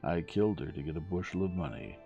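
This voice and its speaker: A big, greedy bully of a man read by a man who blusters and threatens. His voice is very deep and gravelly, with a dark tone and lively swings. Bedtime storybook feel with faint music behind. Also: fast, lo-fi sound. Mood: menacing.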